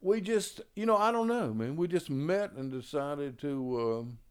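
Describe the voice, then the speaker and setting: A man's voice: expressive, measured pace, clear, resonant tone. An older man, a jazz musician, casually telling long stories about his early days, full of "you know" and "man", acting out the people he quotes. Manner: acts out others' quoted lines with raised pitch. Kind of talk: casual storytelling.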